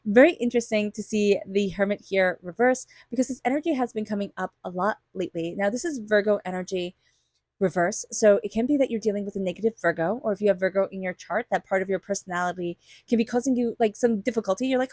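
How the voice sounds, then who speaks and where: A woman's voice: medium pitch, quick pace, a little mellow, no room sound, clean studio sound. A woman tarot reader giving a monthly reading straight to her viewers, chatty and enthusiastic, sometimes acting out little quoted voices.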